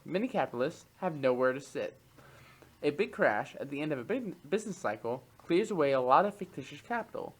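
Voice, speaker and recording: In a reading group, a man reads long stretches of a text aloud, then pauses to comment in a relaxed, thinking-out-loud manner. His voice sits on the high side, and the audio is poor.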